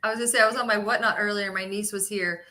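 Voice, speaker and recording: Bright, giggly woman co-host. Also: mid-range voice, racing. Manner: giggly, apologetic, excitable. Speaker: livestream co-host. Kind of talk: casual livestream chat.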